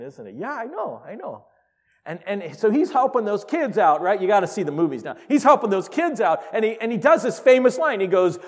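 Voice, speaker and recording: A man preaching a sermon in a church, swinging from quiet asides to loud exclamations. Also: fairly high pitch. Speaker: pastor. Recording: reverberant hall.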